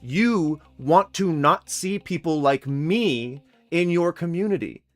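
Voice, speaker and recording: Guy in his 40s from sacramento ranting at a critic to camera, cussing, sarcastic fake sympathy, kinda high voice, faint music under it. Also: lively intonation, takes it slowly. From Sacramento, California. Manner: heated, profane and sarcastic, with mock-sympathy. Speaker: vlogger responding to a critic. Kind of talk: ranting direct-to-camera rebuttal.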